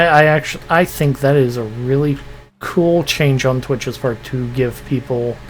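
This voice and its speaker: A man's voice: medium pitch, a little hiss or hum. A man chatting casually while streaming a video game, thinking aloud and restarting sentences. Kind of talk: casual gameplay commentary.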